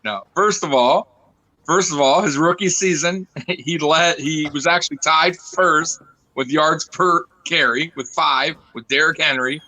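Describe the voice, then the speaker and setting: A man with a fairly high, bright, forceful voice, recorded dry and close. As a podcast guest he pushes back in firm, emphatic debate. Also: a little slow, no echo, low-quality recording. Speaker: podcast guest, former pro football player. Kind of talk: casual sports debate.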